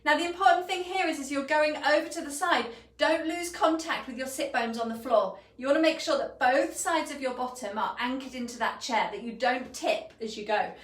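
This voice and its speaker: Echoey pilates teacher calling out moves. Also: female voice, sits high, fairly quick, few pauses. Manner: calm step-by-step cueing with breath prompts. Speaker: pilates instructor. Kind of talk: guided exercise instruction. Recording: echoey room, voice from a distance.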